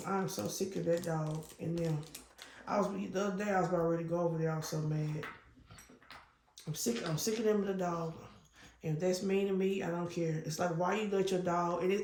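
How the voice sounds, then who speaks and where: A woman chatting casually, rambling with frequent ums and restarts, coughing now and then. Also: medium pitch. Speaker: vlogger. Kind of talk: casual chat while crafting. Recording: roomy room with faint noise.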